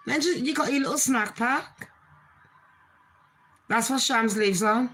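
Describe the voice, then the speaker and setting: A woman's voice: on the high side, unhurried, pauses often, a bit bright, rough recording. A woman chatting casually to her channel, swearing freely and laughing often. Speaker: channel host. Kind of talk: casual chat vlog.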